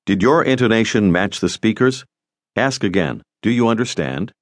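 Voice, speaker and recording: A man narrating a recorded language course, giving calm, scripted prompts for the listener to listen, repeat and answer, in a studio. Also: lowish voice, normal speed, dry recording. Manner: calm, directive teaching prompts.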